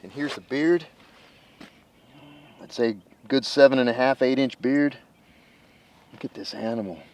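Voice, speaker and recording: A man hosting a hunting show, giving excited outdoor commentary in the field, at times dropping to a hushed voice. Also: mid-range voice, a little slow.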